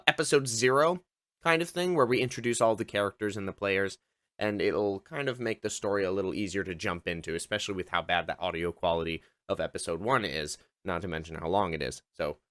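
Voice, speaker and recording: A man's voice: lowish voice, a bit bright, no room sound, clean studio sound. A man narrating as game master in a casual tabletop game, swearing and laughing easily.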